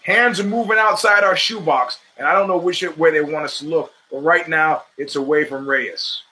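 Bright-voiced opinionated sports podcast host. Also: male voice, fairly high pitch, moderate pace, low-quality recording. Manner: rambling, opinionated, restarts mid-sentence; profane, streetwise talk. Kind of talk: casual sports commentary monologue.

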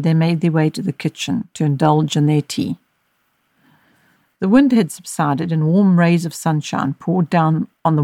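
Woman narrator, measured gentle storybook reading, dry close mic. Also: deep voice, vocal fry, no room sound. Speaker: audiobook narrator and podcast host.

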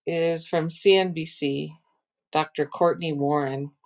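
A middle-aged woman co-hosting a casual podcast, her voice low and full of gravelly fry. She reads things out with a dry, sarcastic twist and chats loosely with her partner. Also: fairly even intonation, measured pace. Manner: sarcastic, reads phrases with mock inflection. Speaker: podcast co-host. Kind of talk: casual chat.

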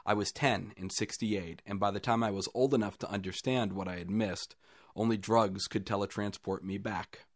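A man reading a first-person short story aloud in a calm, even storytelling manner with dry understatement. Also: on the low side, no room sound. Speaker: story reader.

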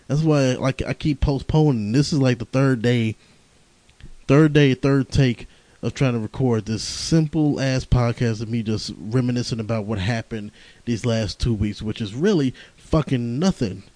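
Speaking at a moderate pace in a warm, mid-range voice, a young man rambles through a podcast episode on his own, tired, profane and laughing. The recording is low quality with no room sound.

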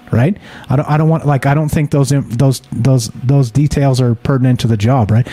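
A man's voice: medium pitch, brisk, dark tone. A man telling a story in casual talk-show chat, rambling and profane, full of restarts and fillers. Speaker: podcast co-host.

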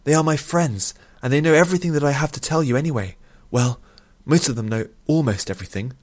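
A man's voice: medium pitch, fast talker, voice pushed up, close to an everyday voice. Earnest young princess, as a man puts her on. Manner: pleading, apologetic, urgent. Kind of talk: audiobook character voice.

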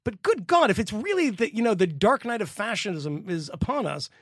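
A man on a podcast going on an animated, exasperated rant, swearing and laughing as he talks. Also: high-pitched, normal speed, no room sound, studio quality. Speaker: podcast co-host. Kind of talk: casual political rant.

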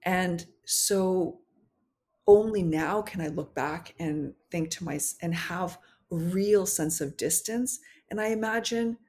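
A woman who is a podcast guest and memoir author, talking candidly and thoughtfully, often pausing to search for words. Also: lowish voice, darkish tone. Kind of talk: reflective conversational interview.

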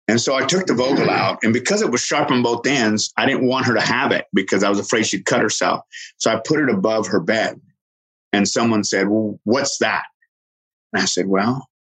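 Husky man telling a heartfelt story. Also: mid-range voice, low-quality recording. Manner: earnest, halting with restarts, quotes others in lively voices. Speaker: guest telling a personal story. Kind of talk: emotional personal storytelling.

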